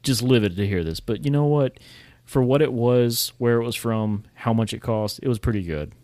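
A man co-hosting a casual chat, making wry, deadpan jokes. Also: medium pitch, moderate pace, no room sound. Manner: dry, wry humor. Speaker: podcast co-host.

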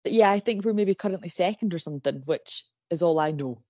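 A woman with a low voice co-hosts a casual true-crime podcast. She talks in a loose, rambling way and laughs often. The sound is dry and close. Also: brisk, darkish tone, no room sound. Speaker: podcast co-host.

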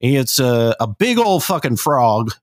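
A man putting on a slow, folksy churchgoing rural character with a Midwest Southern drawl, deadpan. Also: mid-range voice, no room sound.

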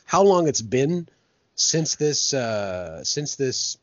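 A man's voice: mid-range voice, sing-song, takes it slowly, no echo. A man co-hosting a movie podcast, rambling and laughing as he retells scenes. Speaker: podcast co-host. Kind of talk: casual movie podcast chat. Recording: dull, lo-fi podcast audio.

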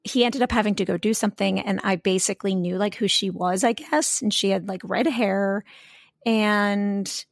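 A woman's voice: medium pitch, fairly even intonation, normal speed, creaky, no room sound, studio quality. A woman co-hosting a podcast in casual, rambling chat, full of fillers and restarts. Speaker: podcast co-host.

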